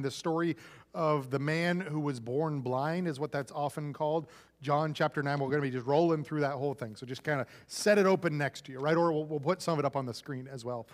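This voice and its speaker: Male pastor, casual sermon, kinda high voice, churchy echo. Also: fairly quick. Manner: relaxed, conversational preaching.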